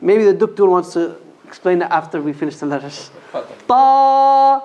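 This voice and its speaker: At a mosque, a man leads a call-and-repeat lesson on Quran pronunciation, patiently and slowly drilling letter sounds and firing short quiz questions at his students. His voice is high and warm with big swings in pitch, though the audio sounds dull.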